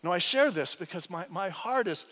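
A male pastor preaching a sermon with dramatic swings between loud cries and hushed lines. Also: high-pitched, expressive, moderate pace. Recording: long hall reverb.

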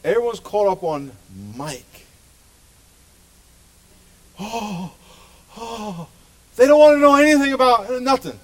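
A man's voice: very high voice, expressive, slow pace, long pauses. A middle-aged male pastor preaching a sermon to his church with passionate, emphatic delivery. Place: church sanctuary.

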